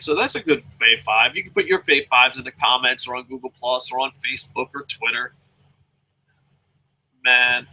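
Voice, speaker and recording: Bright-voiced man ranting profanely. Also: on the high side, breathy edge, low-quality recording. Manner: profane, animated, jokey. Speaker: wrestling commentator. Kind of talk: casual rant.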